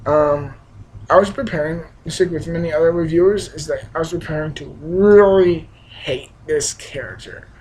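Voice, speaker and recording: A young man rambles through a casual film review, restarting often, dropping fillers, and breaking into emphatic bursts with real enthusiasm. His voice sits a little high with a darkish tone and a moderate pace. The low-quality recording carries slight background noise.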